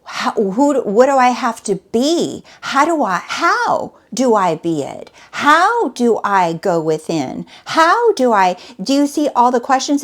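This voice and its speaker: A woman coach talking straight to her viewers in an emphatic monologue, repeating phrases and asking rhetorical questions. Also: a little high. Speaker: manifestation coach.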